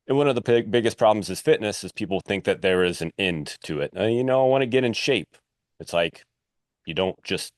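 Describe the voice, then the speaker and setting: A man with a very low voice hosts a relaxed interview. He thinks out loud as he talks, with plenty of "uh" and "like" between his points. The sound is dry and close to the mic. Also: no echo. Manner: loose, thinks aloud, lots of "uh" and "like". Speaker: podcast host. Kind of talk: casual interview chat.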